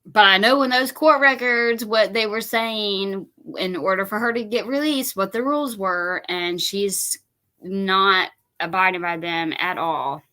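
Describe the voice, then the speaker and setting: A woman's voice: medium pitch, measured pace, pushed and bright, rough recording. A woman hosting a reaction commentary, exasperated and incredulous. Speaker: commentary host.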